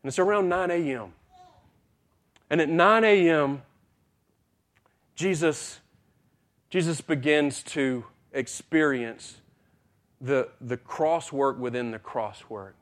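A man preaching a sermon, retelling a story with dramatic swings between loud passages and hushed ones. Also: a little high, slow pace, pauses often. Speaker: pastor.

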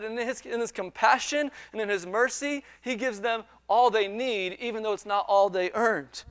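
A man with a high voice preaches a sermon. He retells a parable in an animated way, acts out the quoted dialogue and repeats words as he builds each point. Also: normal speed, hardly any pauses, clean tone, dry recording. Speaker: pastor.

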